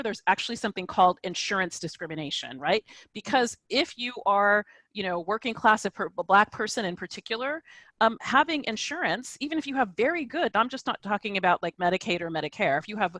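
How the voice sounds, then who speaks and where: A woman's voice: mid-range voice, expressive, brisk, a bit bright, no echo, low-quality recording. A woman social scientist on an online panel, speaking thoughtfully with frequent "you know" and "right?" checks. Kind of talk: academic panel discussion.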